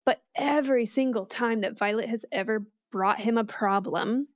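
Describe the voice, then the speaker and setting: A woman's voice: fairly high pitch, normal speed, no room sound. A woman co-hosting a podcast, chatting casually and thinking aloud in a reflective way. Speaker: podcast co-host. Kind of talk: casual book discussion.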